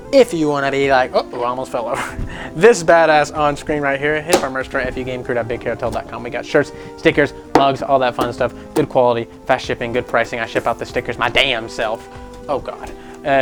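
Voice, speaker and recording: A young man hosting a casual gaming news show, animated and jokey, often slipping into mocking voices. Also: medium pitch.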